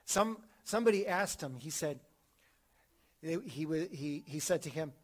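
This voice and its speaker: Brief: male catechism teacher, slightly higher voice, animated, acts out quotes, frequent restarts. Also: a little slow. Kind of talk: theology class lecture.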